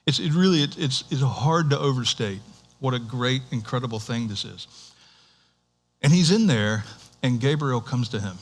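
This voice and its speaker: A man's voice: mid-range voice, moderate pace. Man preaching a conversational sermon. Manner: conversational, animated, with restarts and asides. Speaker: pastor. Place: church.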